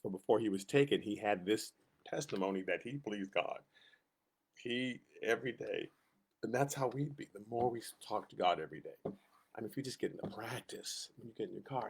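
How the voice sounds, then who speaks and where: A man's voice: medium pitch, fairly quick, a little mellow, a little hiss or hum. A middle-aged man teaching a casual Sunday school Bible lesson, telling personal stories and acting out the voices he quotes.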